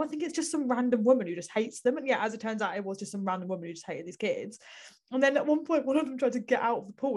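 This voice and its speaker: A young woman hosting a podcast, telling stories in a chatty, animated way and laughing often. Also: medium pitch. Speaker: podcast host. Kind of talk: casual chat.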